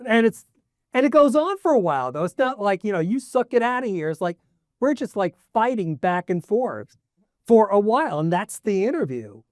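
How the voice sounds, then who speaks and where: A fanzine writer on a panel tells long anecdotes, correcting himself along the way. His voice is mid-pitched and the sound is dry. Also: big pitch swings, moderate pace, darkish tone, dry recording. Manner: rambling, self-correcting anecdotes. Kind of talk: live panel Q&A.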